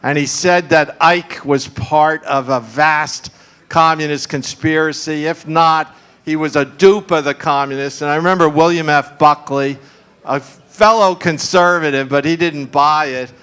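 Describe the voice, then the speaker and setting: This panel speaker at a live conference has a slightly high, clear, resonant voice with a bit of brightness and fairly even intonation, and he takes his time. His talk wanders, full of fillers and side remarks, and laughter comes often.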